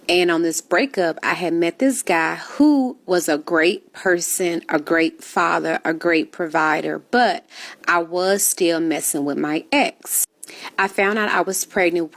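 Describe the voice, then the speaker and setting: A woman telling a written confession story in an even, matter-of-fact way. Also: fairly low pitch.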